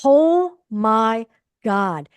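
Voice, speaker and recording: A woman co-hosting a recap podcast, chatting casually and gushing excitedly. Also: fairly high pitch, extremely slow, clear, resonant tone. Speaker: podcast co-host.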